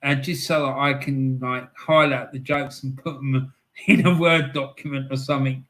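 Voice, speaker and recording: A man's voice: medium pitch, fairly even intonation, normal speed, fairly bright tone. A man from England hosting a live fan stream, chatting casually as he reads out viewer comments, laughing often and repeating phrases for emphasis.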